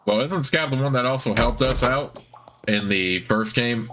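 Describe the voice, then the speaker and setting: A man hosting a let's play, reading the game text aloud in a plain, even way with offhand asides. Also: medium pitch, moderate pace, noisy background.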